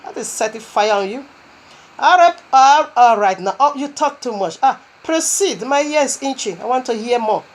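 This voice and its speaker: Woman, preacher, slightly high voice, animated sermon, laughs, speaks in tongues. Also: normal speed. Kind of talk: sermon with scripture reading.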